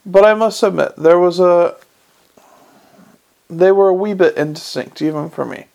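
Man doing a ghostly old professor, cheerful, pleased with himself, raised gravelly voice. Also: high voice, normal speed, a little mellow.

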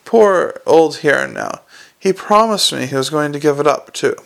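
A man's voice: on the high side, expressive, normal speed, gravelly. A man doing a cheerful, earnest young watchman.

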